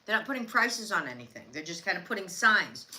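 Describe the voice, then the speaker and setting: A woman's voice: medium pitch, very animated, fairly quick, sharp tone. A middle-aged woman co-hosting a casual livestream, talking in a matter-of-fact way between bites of food. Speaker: livestream co-host. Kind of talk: casual livestream chat while eating.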